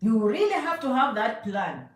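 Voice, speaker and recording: Woman from Zambia, high voice, emphatic live-stream motivator who keeps checking "okay?", echoey distant mic. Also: very animated, normal speed. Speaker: immigration advice streamer. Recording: echoey room, voice a bit far from mic.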